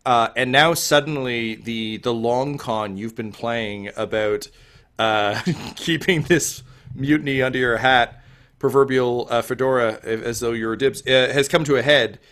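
A man's voice: mid-range voice, unhurried, fairly bright tone. A man narrating a tabletop game as game master, playful and jokey. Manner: playful, jokey, switching into character voices.

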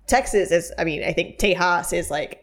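Her voice sits on the low side and moves at a moderate pace. She's a podcast co-host in Texas, drifting through stories in casual conversation with lots of filler words.

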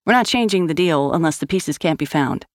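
Earnest, worried young woman, read by a woman; blunt, pleading, slight rasp. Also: low-pitched, expressive, a little fast, no echo, clean studio sound.

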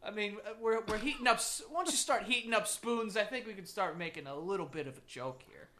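A young man co-hosting a podcast from a makeshift home studio, joking loudly and crudely in casual banter. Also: high voice, a little fast, slight background noise. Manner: loud, joking, crude, animated. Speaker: podcast co-host.

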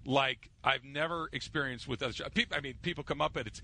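A man's voice: mid-range voice, fast, pushed and bright, a little hiss or hum. A middle-aged man hosting a casual sports radio show, chatty and telling stories with easy laughs. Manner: chatty storyteller, laughs easily.

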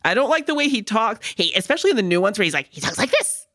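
A woman's voice: mid-range voice, racing. A woman co-hosting a podcast, chatting casually with crude, joking humor. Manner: profane, joking, animated. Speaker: podcast co-host. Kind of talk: casual comedic chat.

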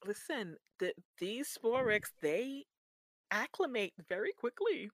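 A woman co-hosting a casual podcast, recapping a show with animated, slangy, playfully exasperated talk. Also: fairly high pitch, slow, dry recording. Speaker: podcast co-host.

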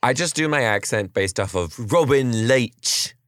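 A man's voice: medium pitch, lively intonation, measured pace, fairly bright tone, no echo, clean studio sound. A man in his thirties hosting a casual comedy chat, playful and teasing. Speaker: comedian and podcast host.

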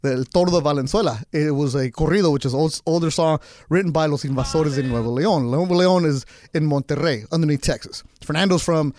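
A man telling stories as a guest in casual sports radio chat in a studio, animated and quick. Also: on the high side, no echo. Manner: fast, animated storyteller.

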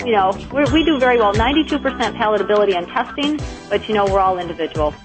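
A woman's voice: medium pitch, animated, fast talker, over music, low-quality recording. A woman guest on a radio interview, explaining her pet supplement in an upbeat, informative way.

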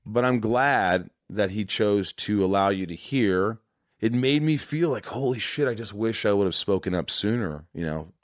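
Low-voiced guy hosting his podcast, swears a lot, circles back on himself, dead dry studio sound. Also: dry recording. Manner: earnest, profane, rambling with many restarts. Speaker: podcast host. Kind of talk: casual chat.

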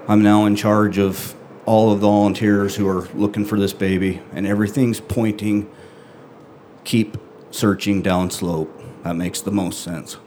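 A middle-aged man telling a personal story to an audience, his voice deep and low. He speaks in an even, steady tone with little rise and fall, earnest and halting, leaving long pauses between phrases. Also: a little hiss or hum. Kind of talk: live first-person storytelling.

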